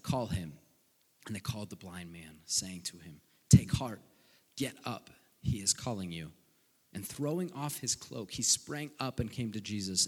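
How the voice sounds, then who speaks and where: A man's voice: on the low side, husky. A man teaching on a scripture passage in an earnest preaching style, reading verses aloud with emphasis. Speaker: pastor. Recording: long reverb.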